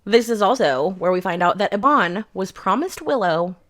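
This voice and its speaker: A woman's voice: mid-range voice, animated, normal speed, a bit bright. A young adult woman giving a rambling, sarcastic book review in a casual rant, swearing freely.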